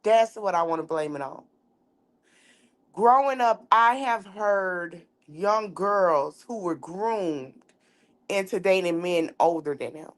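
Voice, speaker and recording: A woman in her thirties hosting a podcast, speaking in an outspoken, animated way as she tells a personal story and acts out the dialogue. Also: fairly low pitch, slow pace. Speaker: podcast host. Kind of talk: candid casual commentary and storytelling.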